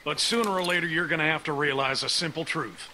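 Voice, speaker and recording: A grizzled, hard-bitten uncle barks orders to the survivors in a game. His speech is stern and blunt, and his tone stays bright and hard-edged. Under him lies a faint hiss. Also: fairly high pitch, fast, poor audio. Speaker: video game character. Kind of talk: game dialogue.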